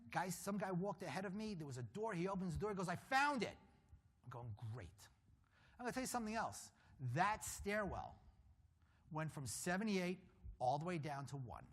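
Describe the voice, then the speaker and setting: A man addresses a conference audience, recounting a personal story with a husky, somewhat high voice. He uses dramatic pauses and lets his voice sink low at grave moments. He also slips in wry asides. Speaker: conference speaker.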